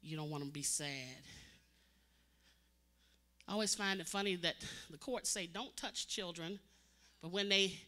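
A female preacher gives her sermon as dramatic storytelling, her medium-pitched voice moving between loud cries and quiet, intense passages.

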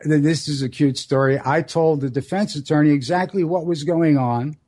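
A man in his sixties hosting a solo radio show, telling stories in a rambling, earnest way and slowing down for emphasis. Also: a little high, mellow. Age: 60s. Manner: rambling, earnest storytelling with dramatic slow emphasis. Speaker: radio host.

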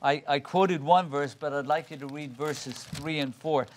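A man with a notably high voice leads a Bible study as pastor. He explains each verse carefully, calls on people by name to read, and repeats key words to drive them home. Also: fairly even intonation, moderate pace, slight background noise. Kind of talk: interactive Bible study teaching.

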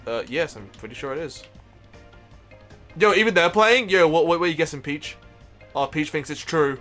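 A man's voice: on the high side, animated, normal speed, pauses often, a bit bright, faint music behind. A young man live-streaming a video game, joking, swearing casually and laughing often. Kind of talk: live-streamed let's play.

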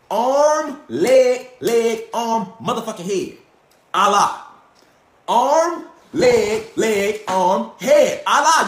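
Male lecturer, high voice, profane preachy monologue, roomy echo. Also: sharp tone. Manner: emphatic, profane and swaggering, hammers points with repeated rhetorical questions. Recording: echoey room.

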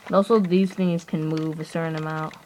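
A woman's voice: low-pitched, fairly even intonation, a little fast, a little mellow, slight background noise, low-quality recording. A woman giving a rambling, casual toy review with many fillers, often trailing off.

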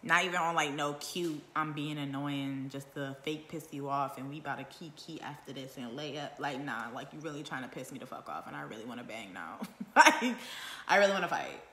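A woman with a low, forceful voice speaks her mind on a home livestream, blunt and swearing freely. She stacks up rhetorical questions one after another. The room around her adds a roomy echo. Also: brisk, hardly any pauses. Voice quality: naturally loud voice. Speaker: vlogger going live. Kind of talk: casual live-stream monologue. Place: at home indoors.

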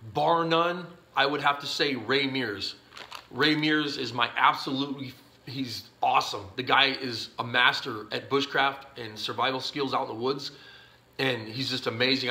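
A man's voice: mid-range voice, pushed and bright. A man talking casually to camera from his garage workshop, rambling in a folksy way with lots of uhs, and sleepy and yawning. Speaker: YouTube channel host answering viewer questions.

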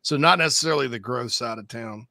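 A man's voice: medium pitch, quick pace, sharp tone, no room sound. A man co-hosting a sports talk show, joking and telling stories in casual chat. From Spartanburg, South Carolina. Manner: joking, storytelling.

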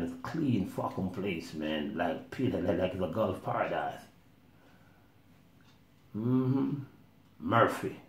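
Gravelly slow-talking man, blunt and profane. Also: deep voice. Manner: profane, blunt, acts out voices. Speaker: musician telling his story. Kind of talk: rambling profane storytelling monologue. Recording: roomy echo.

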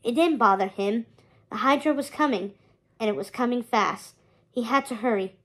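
A woman teacher reading a chapter book aloud, in steady storytelling narration with small stumbles and restarts. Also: on the high side, moderate pace.

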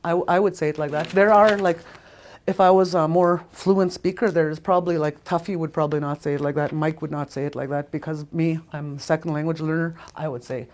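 A woman teaching a language class in a casual, chatty way, repeating words slowly with plenty of fillers. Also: low voice, steady tone, darkish tone.

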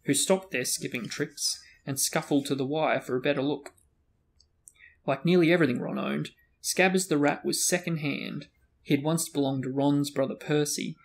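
A man reading a fantasy novel aloud as host of a book discussion. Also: on the high side. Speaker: reader and host.

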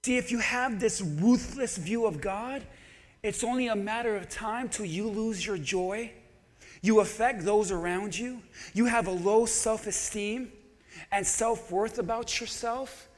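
A man, a pastor, preaching a sermon in a church, animated and conversational, swinging between loud emphasis and quiet asides. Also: extremely high pitch. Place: church sanctuary. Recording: long church hall reverb.

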